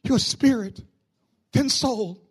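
A man preaching a sermon to his church, rising into shouts and falling to a hush. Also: very high voice, slow pace, husky. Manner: preaching with sudden shouts and hushed drops. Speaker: pastor.

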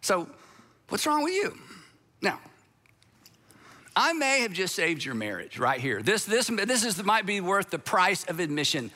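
A man's voice: sits high, sing-song, unhurried, pushed and bright, long reverb tail. A man preaching a sermon as pastor, in a conversational way, acting out quoted speakers.

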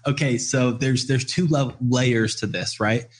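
A man's voice: medium pitch, steady tone, unhurried. A man telling a story and explaining an idea in casual conversation, earnest, with many "uh"s and "right?"s. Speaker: guest speaker on parenting.

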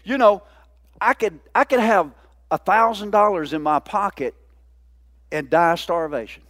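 A man's voice: high-pitched, fairly bright tone. A man preaching a sermon, drawing out key words and calling for the congregation's response. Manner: call-and-response preaching, drawn-out emphasis. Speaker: pastor.

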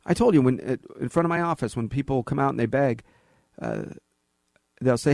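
A man's voice: medium pitch, fast, vocal fry, no echo, studio quality. A man hosting a talk radio show, delivering an opinionated monologue with sarcasm, acting out bits of dialogue in other voices. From California. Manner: animated, sarcastic, acts out dialogue. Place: radio studio.

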